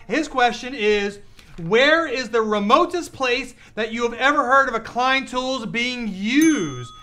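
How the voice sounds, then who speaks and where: A man co-hosting a live stream, upbeat and excitable, chatting casually with plenty of fillers. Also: extremely high pitch, unhurried, faint music behind. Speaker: livestream co-host.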